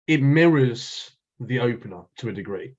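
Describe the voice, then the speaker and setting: A man's voice: medium pitch, expressive, moderate pace, a little mellow, muffled recording. A man co-hosting a podcast, rambling in casual chat and restarting his sentences often. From North East England. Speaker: podcast co-host.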